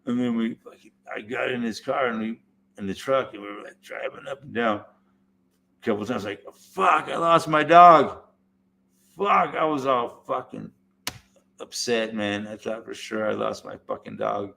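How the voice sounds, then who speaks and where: A man in casual chat, telling a rambling story, swearing heavily and talking with animated energy. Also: fairly low pitch, moderate pace, creaky, a little hiss or hum. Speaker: podcast host.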